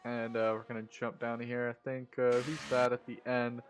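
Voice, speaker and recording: A man co-commentating a live sim racing session, easygoing and quick to react, with plenty of fillers. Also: medium pitch, little pitch movement, a little hiss or hum.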